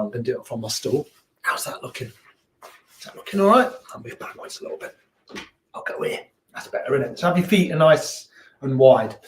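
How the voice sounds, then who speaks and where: A man teaching a beginner yoga class in a relaxed, chatty, encouraging way that sometimes laughs at himself. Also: mid-range voice, slight background noise. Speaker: yoga instructor. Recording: echoey room, voice from a distance.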